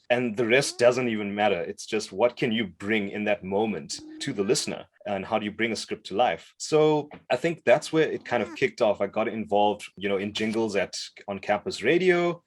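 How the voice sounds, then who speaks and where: A man from South Africa with a fairly low voice talks through his path into voice acting in a podcast interview. He is animated and enthusiastic, speeding up in bursts and laughing easily as he goes. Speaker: voice-over coach.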